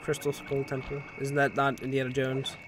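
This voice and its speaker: Let's-play guy, mid-pitched, casual and jokey, cusses, game music behind. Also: monotone, moderate pace. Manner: rambling, jokey, swears, self-corrects. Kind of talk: casual gameplay commentary.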